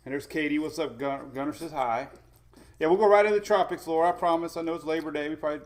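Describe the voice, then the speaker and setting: A man hosting a casual weather livestream from home with his dogs, chatting, greeting viewers by name and laughing often. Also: medium pitch. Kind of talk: casual live-stream chat.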